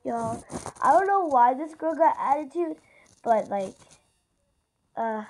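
A woman's voice: high-pitched, lively intonation, takes it slowly, a little mellow, a little hiss or hum, rough recording. A female YouTuber chatting casually to viewers while narrating her gameplay in a rambling way. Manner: chatty and rambling, often addresses viewers directly. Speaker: gaming YouTuber.

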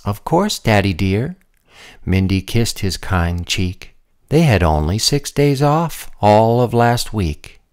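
A man reading a rhyming picture book aloud in an expressive, sing-song manner. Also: lowish voice. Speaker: storybook reader.

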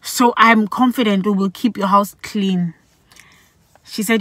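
A middle-aged woman from Botswana telling a personal story in a vlog, animated and acting out the people she quotes. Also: mid-range voice, unhurried, dry recording. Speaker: vlogger.

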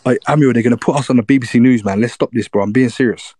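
A man, a friend trying calmly to reason with the others. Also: mid-range voice, rapid-fire, husky, no echo. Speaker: friend of the fighter. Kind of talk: casual street talk.

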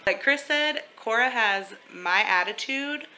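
A woman's voice: a little high, measured pace, poor audio. A woman in her twenties chatting casually in a family vlog. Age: 20s. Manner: chatty, animated talk to a toddler. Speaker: vlogger.

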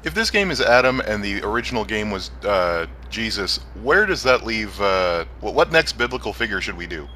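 Man, low lively voice, bright tone, wry joking game commentary, faint hiss. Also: normal speed, hardly any pauses. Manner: wry, joking remarks with hesitant restarts. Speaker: co-host of a game commentary show.

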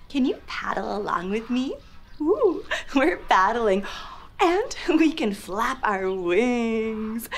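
A young woman hosting a children's show, teaching toddlers in an animated, exaggerated, sing-song way. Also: fairly high pitch, slow pace.

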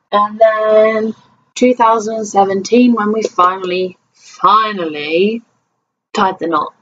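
A woman's voice: medium pitch, dull audio, slight background noise. A tired young woman from England chatting to camera in a rambling, self-deprecating vlog. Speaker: vlogger. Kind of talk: casual chat to camera.

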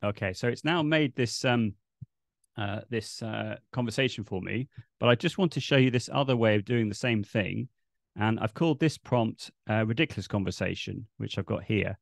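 Gravelly man presenting a webinar. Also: lowish voice, normal speed, no room sound, clean studio sound. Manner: relaxed, explanatory, demonstrating on screen. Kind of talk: live online teaching webinar.

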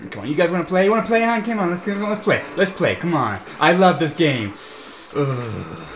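A young man doing let's play commentary, ranting in frustration at a racing game and mixing shouts with laughter. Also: fairly high pitch, expressive, moderate pace. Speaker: gameplay commentator. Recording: echoey room with game music.

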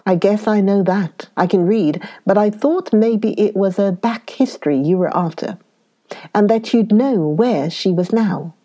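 A woman's voice: mid-range voice, a little slow, dark tone, natural voice. A woman reading as a brash young American man. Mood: suspicious. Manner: brash, demanding.

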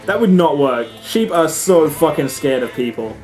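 Young male let's-player, high-ish and very lively, sweary, faint game music underneath. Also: unhurried. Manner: animated, swears often, squeals and shouts at the game. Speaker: gaming let's-play host. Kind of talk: excited let's-play commentary.

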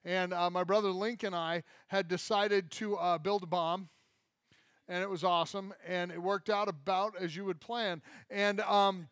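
A man preaching a sermon as pastor, telling a funny story from childhood with lively acted-out quotes. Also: sits high, moderate pace, dry recording, clean studio sound. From Michigan. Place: church.

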